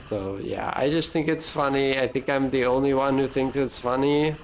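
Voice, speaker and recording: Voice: mid-range voice, normal speed, slight background noise. A live streamer casually musing to chat while playing a video game, rambling and amused at their own point, often restarting sentences.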